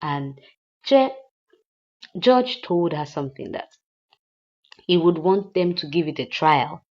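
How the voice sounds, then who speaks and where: A woman's voice: low voice, animated, takes it slowly, a little mellow, muffled recording. A woman recapping a drama series in a chatty, casual way, slipping in pidgin asides. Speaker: series reviewer.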